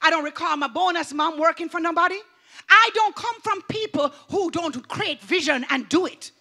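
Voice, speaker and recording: Woman pastor, motivational sermon, very high voice, fervent, loud then hushed. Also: moderate pace.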